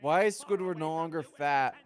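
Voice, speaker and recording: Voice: mid-range voice, normal speed. A podcast co-host reacting to a film with incredulous, profane outbursts. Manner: incredulous outbursts with frequent swearing. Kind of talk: casual reaction commentary.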